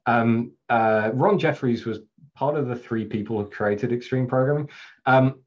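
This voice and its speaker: A man's voice: medium pitch, unhurried. A middle-aged Englishman with an English accent, a Scrum trainer giving a casual, chatty presentation with fillers and frequent laughs over a video call. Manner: chatty, self-deprecating, laughs often, many fillers. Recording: slightly dull, lo-fi webcast audio.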